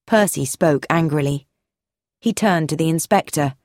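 A woman reading a mystery story aloud as narrator, in an expressive reading style. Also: low-pitched, normal speed, no room sound, studio quality. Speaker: audiobook narrator. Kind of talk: scripted narration.

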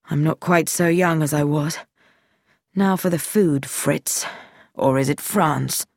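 A woman's voice: sits low, slow, a little mellow, no echo, studio quality, full character voice. A woman voicing a captured older man, wry and indignant, in an audiobook reading.

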